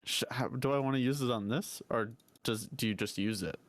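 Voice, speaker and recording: A man's voice: medium pitch, brisk, no echo. A man playing a tabletop game, talking hesitantly with frequent restarts and laughs. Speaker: player. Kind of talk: casual tabletop game chat.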